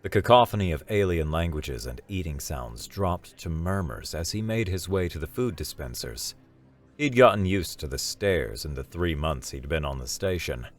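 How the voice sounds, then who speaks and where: A man narrating a scripted science fiction story in a slow, even storytelling delivery. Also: a bass voice, faint music behind.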